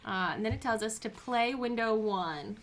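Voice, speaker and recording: A woman's voice: on the high side, moderate pace, a little hiss or hum. A woman co-hosting a livestreamed board game demo, chatting casually and explaining each step as she plays. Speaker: co-host demoing board games.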